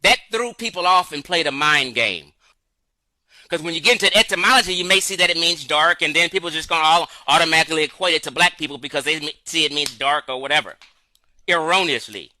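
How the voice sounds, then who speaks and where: Tense, bright-toned male reactor with a slangy delivery, dry sound. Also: on the high side, quick pace, no echo, low-quality recording. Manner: slangy, says "bro" and "man". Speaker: commentator reacting to a video. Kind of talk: casual reaction commentary.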